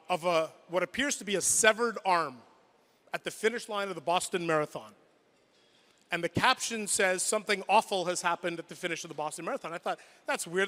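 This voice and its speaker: A male sports broadcaster giving a hall of fame acceptance speech, telling a personal story dramatically, with quick restarts and repeated words, at a podium microphone. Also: high voice, pushed and bright. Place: large indoor event hall. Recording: long reverb of a large hall.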